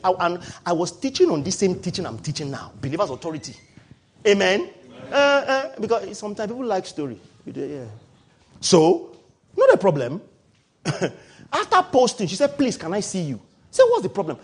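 A middle-aged man preaching a sermon, swinging from loud exclaiming to quiet asides. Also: a little hiss or hum. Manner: animated, shifts from loud exclaiming to low asides. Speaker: pastor.

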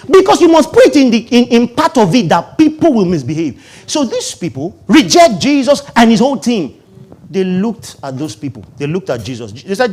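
A man preaching a sermon, switching between loud calls to the congregation, low asides and laughter. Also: sing-song, moderate pace, breathy edge. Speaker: pastor.

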